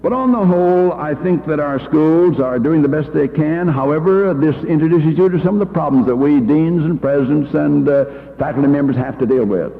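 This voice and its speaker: An older man who leads church education gives a folksy talk packed with homespun anecdotes and fillers. His voice is a little high and gravelly, brisk with hardly any pauses, captured on a tinny old reel-to-reel recording in a hall.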